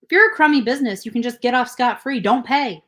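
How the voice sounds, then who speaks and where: A young adult woman co-hosts a podcast, chatting casually and bluntly, swearing and laughing her way through stories. Her voice is on the high side and fairly bright, and she talks fast.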